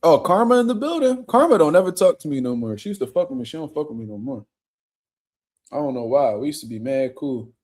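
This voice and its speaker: A man's voice: medium pitch, expressive, fast, darkish tone. A young man hosting a casual livestream, reading viewer comments and chatting in a loose, profane way with frequent laughter. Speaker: boxing livestream host. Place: home room.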